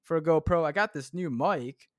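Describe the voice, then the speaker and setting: A man's voice: a little high, moderate pace, dry recording, studio quality. A man hosting a solo podcast, rambling casually and tossing in "man" and "dude.". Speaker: podcast host. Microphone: clip-on shirt mic.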